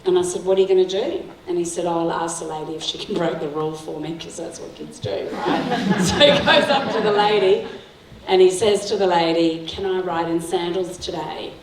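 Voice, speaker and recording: A woman's voice: fairly low pitch, fairly even intonation, normal speed, a crowd in the background. A middle-aged woman giving a talk to parents, telling stories with frequent laughs and "right?" to the audience. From Sri Lanka. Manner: warm storytelling, laughs often, asks the audience "right?". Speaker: guest speaker. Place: school hall. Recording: echoey hall, mic heard from a distance.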